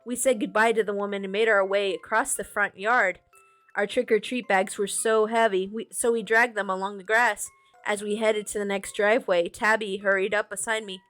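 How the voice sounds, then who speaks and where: A woman's voice: mid-range voice, steady tone, moderate pace, fairly bright tone, faint music behind. A woman streamer reading a storybook aloud, chatting with viewers and fixing small slips as she goes. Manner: chatty asides to chat, reads with small self-corrections.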